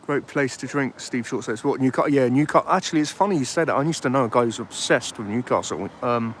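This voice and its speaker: A man in a mid-range voice talks fast while hosting a casual livestream outdoors next to a street. He rambles on and reads viewer comments aloud over faint street noise.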